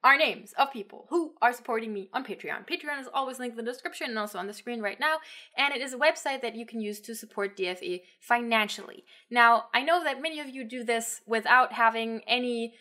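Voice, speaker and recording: A woman explaining pronunciation to camera as a language teacher, clear and patient, saying example words slowly. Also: a little high, sharp tone.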